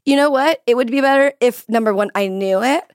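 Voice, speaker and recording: A woman's voice: a little high, fairly quick, clear, resonant tone. A young woman hosting a comedic podcast, talking in a playful, teasing, jokey way. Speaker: podcast host. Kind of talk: comedic casual chat.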